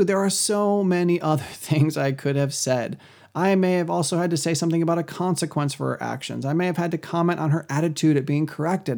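A man hosting a podcast, giving a measured, scripted teaching on Christian parenting. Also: fairly high pitch, gravelly, a little mellow. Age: adult parent.

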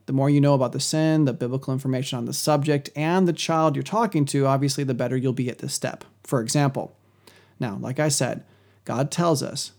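A man hosting a podcast, giving a measured, scripted teaching on Christian parenting. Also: medium pitch, fairly even intonation, darkish tone. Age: adult parent.

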